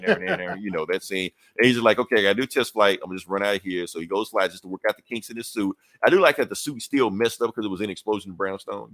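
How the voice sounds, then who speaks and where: Casual comic podcast co-host, male, lowish voice, dry close sound, rambling profane recap. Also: a bit bright, dry recording. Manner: loose, profane storytelling with filler asides.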